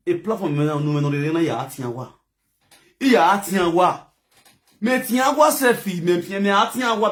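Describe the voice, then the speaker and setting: A man with a Nigerian accent, from Edo State, delivering an angry, scolding monologue that breaks into shouting. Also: on the high side. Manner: heated, scolding, bursts into shouting. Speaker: social media commentator.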